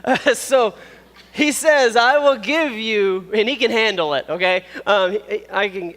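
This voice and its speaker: A man's voice: sits high, a little slow, fairly bright tone, in a large hall. A man in his thirties, a pastor giving a casual, playful youth sermon on stage with a microphone. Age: 30s. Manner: casual and playful, with asides and laughs. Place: stage in a church hall. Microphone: wearing a microphone.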